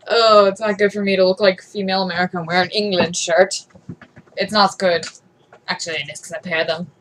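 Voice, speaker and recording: A woman's voice: lowish voice, fairly even intonation, moderate pace, pauses often, fairly bright tone, a little hiss or hum, low-quality recording. Giggly, self-conscious woman vlogging at home. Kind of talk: casual, rambling vlog. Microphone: camera close up to the face.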